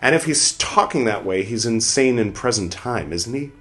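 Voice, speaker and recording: A man's voice: animated, faint music behind. A man hosting a podcast, reading an old religious text aloud and stopping to comment in a casual, musing way. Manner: reads quotes slowly and loudly, comments in a lower conversational voice; muttering asides to himself. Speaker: podcast host reading scripture.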